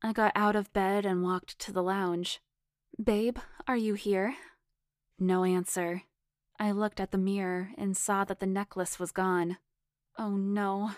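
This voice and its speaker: A woman reading a first-person erotic story aloud in a measured, intimate storytelling manner. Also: medium pitch, flat delivery, no room sound, studio quality. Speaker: story reader.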